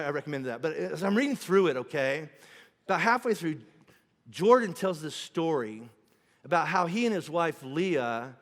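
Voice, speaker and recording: A man's voice: on the high side, a bit bright, long reverb tail. A middle-aged man preaching a sermon as pastor, in a conversational way, acting out quoted voices. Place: church auditorium.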